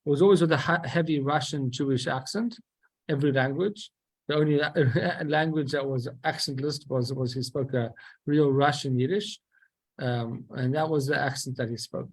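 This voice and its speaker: A man's voice: mid-range voice, husky. A man teaching a class, explaining a religious text and posing questions and then answering them himself, with frequent restarts.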